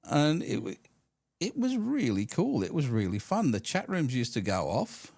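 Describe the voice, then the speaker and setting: A man's voice: medium pitch, huge pitch swings, moderate pace, creaky, darkish tone, no echo, studio quality. A man co-hosting a live stream podcast, chatting casually and telling stories, sometimes mimicking radio hosts and callers. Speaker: podcast co-host. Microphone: studio mic through a mixer.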